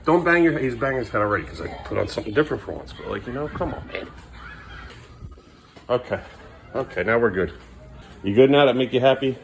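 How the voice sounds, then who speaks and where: A man's voice: mid-range voice, expressive, quick pace, gravelly, long pauses, a little hiss or hum. A man filming a casual home vlog, coaxing his small son along and chatting to the camera at home at night. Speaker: father filming his family.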